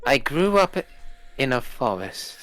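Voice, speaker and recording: Male player, unhurried, lively pitch, dry close sound. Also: no room sound. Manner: laid-back, joking. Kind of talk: casual chat at a tabletop game.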